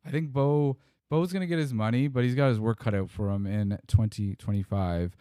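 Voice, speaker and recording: A man hosting a casual chat podcast, relaxed, leading the talk and prompting his guest. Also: mid-range voice, brisk, smooth, no room sound, studio quality. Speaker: podcast host.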